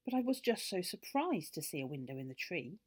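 This is a cheerful adventurous boy from a children's story, voiced by a woman. He talks eagerly with a lively, bouncing pitch and a slightly breathy tone. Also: a little fast. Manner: jolly, eager.

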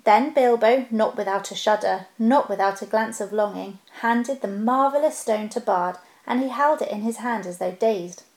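A woman narrating a storybook aloud in a calm, steady storytelling voice. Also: fairly high pitch, moderate pace, hardly any pauses. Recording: roomy echo.

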